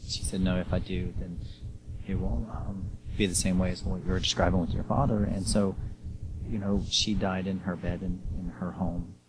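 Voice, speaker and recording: A man hosting an interview, speaking gently and sympathetically with many hesitations. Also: sits low, level tone, moderate pace. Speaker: host. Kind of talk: interview conversation. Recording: audible background noise.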